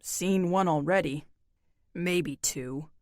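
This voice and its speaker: A woman doing a gruff, terse drifter man. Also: on the low side, slow, darkish tone, dry recording, clean studio sound, pitched below the performer's own voice. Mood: curt. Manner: blunt, clipped, folksy grammar. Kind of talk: audiobook character voice.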